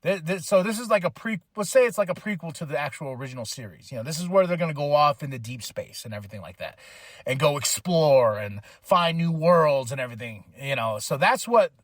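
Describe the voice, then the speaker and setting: This podcast host retells a film plot casually for a movie review recap, rambling with slang and many fillers. He talks fairly quickly in a high-leaning voice with lively intonation, captured as clean studio sound without room tone.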